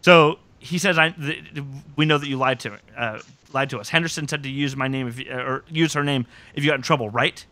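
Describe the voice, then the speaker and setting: Quoting scenes with relish and plenty of jokes, this podcast host recaps episodes in a casual, animated way. His medium-pitched voice is fairly quick with few pauses, and there is no room sound.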